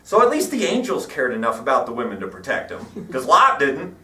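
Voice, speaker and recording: A man giving a sermon in a church, telling stories in an irreverent, wry, animated way. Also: medium pitch, fairly quick. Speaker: preacher. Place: church hall. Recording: echoey hall, mic at a distance.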